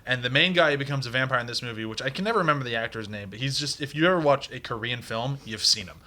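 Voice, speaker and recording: A man's voice: mid-range voice, very fast, pushed and bright. A man co-hosting a podcast about films, chatting casually and enthusiastically, rambling and swearing now and then. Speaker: podcast co-host. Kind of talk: casual movie podcast chat.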